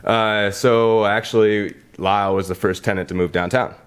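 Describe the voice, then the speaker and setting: A man's voice: on the low side, fairly even intonation, normal speed, smooth. A man, a gym co-owner and podcast guest, answering questions in an easygoing, casual way.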